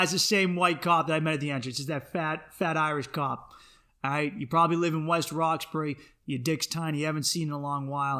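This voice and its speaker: Bright-voiced man telling a comic story. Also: on the high side. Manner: animated, acts out other people's voices in his stories. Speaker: podcast host. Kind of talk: comedic storytelling monologue.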